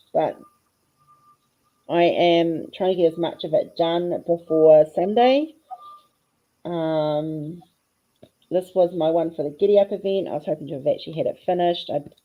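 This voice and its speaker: A woman's voice: fairly low pitch, highs cut off. An Australian woman hosting a craft livestream, chatting casually and rambling as she works on a piece. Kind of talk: casual chat while crafting.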